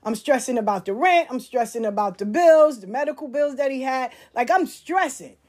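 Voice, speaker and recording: A woman's voice: high voice, lively intonation, normal speed, darkish tone. A woman telling personal stories and giving life advice in a candid, profane way, full of slang. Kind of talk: casual storytelling talk.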